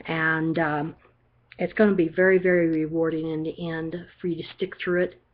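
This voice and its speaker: Low-voiced older woman giving a psychic reading. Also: flat delivery, normal speed. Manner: chatty, reassuring, checks in with frequent "okay?". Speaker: psychic reader. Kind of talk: one-on-one card reading. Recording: dull lo-fi recording.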